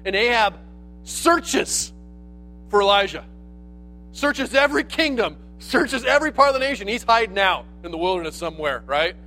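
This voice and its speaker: High-voiced man preaching casually. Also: normal speed, faint music behind. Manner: lively, conversational, uses slang and asides. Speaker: pastor. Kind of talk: sermon, casual storytelling.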